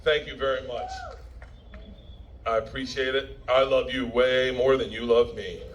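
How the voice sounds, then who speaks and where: His medium-pitched voice stays steady and unhurried as this middle-aged comedian spins loud, profane stand-up tales for a premiere crowd, laughing along. The audio is poor, with a little hiss or hum.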